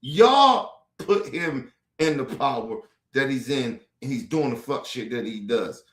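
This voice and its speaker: A man's voice: medium pitch, lively intonation, measured pace, roomy sound. A man ranting about politics on a stream, heated, profane and repetitive. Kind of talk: ranting commentary. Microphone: streaming mic.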